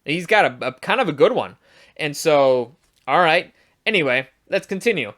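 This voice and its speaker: A man's voice: fairly high pitch, expressive, moderate pace, fairly bright tone. A man giving a casual, profane review of a show, rambling and restarting as he rants in exasperation. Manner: exasperated, ranting.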